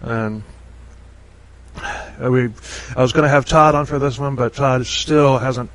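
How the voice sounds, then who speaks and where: A man's voice: medium pitch, steady tone, low-quality recording. A man hosting a podcast in casual chat, rambling with many restarts and frequent laughs. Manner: rambling, halting, laughs often. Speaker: podcast host.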